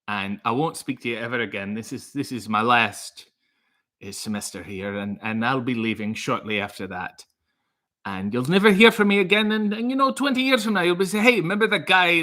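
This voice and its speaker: A man putting on a fake Scottish accent to play an angry old male math teacher who tells bad jokes, halting and muttering. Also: mid-range voice, pushed and bright. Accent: put-on Scottish accent.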